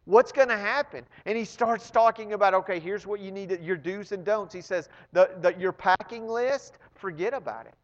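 A man preaching a sermon with animated swings between loud emphasis and hushed asides, often repeating words when excited. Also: sits high, normal speed, few pauses, in a large hall, lo-fi sound. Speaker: pastor.

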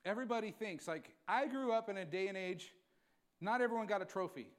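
A high-pitched male pastor delivers a folksy sermon. He talks plainly to his congregation, swinging from low, hushed asides to loud, insistent emphasis. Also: a little fast.

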